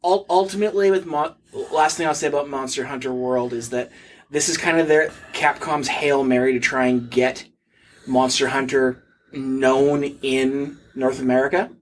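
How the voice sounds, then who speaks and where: A man's voice: medium pitch, fairly even intonation, moderate pace. A man co-hosting a casual gaming podcast, giving blunt, opinionated takes. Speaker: podcast co-host.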